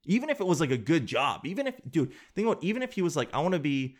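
A man from Canada chatting casually on a podcast in an animated, joking, slangy way. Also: a little high, racing. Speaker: podcast host.

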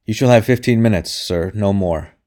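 A man voicing a gruff, anxious soldier who barks his words harshly and loudly. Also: lowish voice, fast talker, lightly acted. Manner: barking, harsh and forceful.

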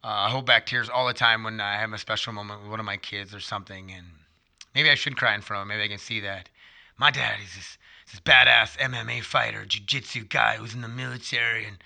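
A man in his thirties with a very bright, forward voice speaks in a loose, rambling monologue. He wanders off on tangents and swears casually as he goes. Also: lowish voice, fairly even intonation, brisk, creaky. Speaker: vlogger.

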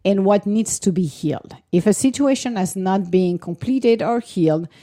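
Medium-pitched and mellow, her voice moves at a moderate pace. She's an astrology speaker explaining things casually and earnestly, stressing her advice repeatedly, laughing a lot and playing out small quoted conversations.

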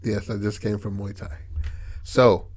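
A man's voice: lowish voice, level tone, unhurried, a little mellow, slightly rough. A man hosting a podcast in casual chat, laid-back and profane, often checking in with "right?". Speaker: podcast host.

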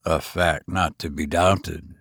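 Brief: a man playing a grave old gentleman, deep, slow, dry. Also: vocal fry, husky, dry recording, full character voice. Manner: grave, low and steady. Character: older male storyteller, grave and assured.

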